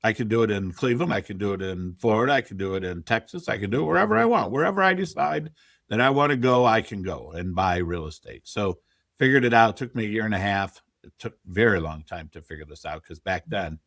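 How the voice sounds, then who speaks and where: A man's voice: on the low side, fast, vocal fry, no echo, clean studio sound. Candid middle-aged man telling his story. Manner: candid, animated storyteller who quotes his own past thoughts. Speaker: podcast guest, real estate investor. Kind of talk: conversational interview storytelling.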